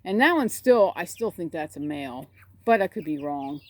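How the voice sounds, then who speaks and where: A woman's voice: low-pitched, lively intonation, normal speed. A woman chatting about her backyard chickens, rambling and cooing at the birds, recorded outdoors on a phone. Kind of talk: casual chat. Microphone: phone camera.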